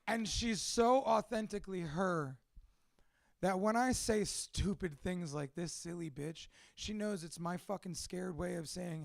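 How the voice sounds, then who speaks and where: A man's voice: sits high, moderate pace, gravelly, a little mellow, dry recording, studio quality. A man from a Cuban family, a father of two, telling his life story in a candid, profane, emotional monologue. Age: adult with two children.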